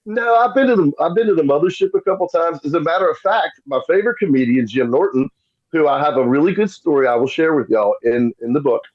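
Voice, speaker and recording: This middle-aged podcast guest talks fast in a fairly high voice, and the recording has its highs cut off. He tells casual stories in an animated way, performing the voices of the characters he quotes.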